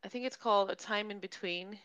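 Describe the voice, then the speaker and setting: A woman's voice: medium pitch, brisk, a bit bright, clean tone, dry recording, highs cut off. A young woman co-hosting a book podcast, chatting enthusiastically and laughing often. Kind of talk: casual chat.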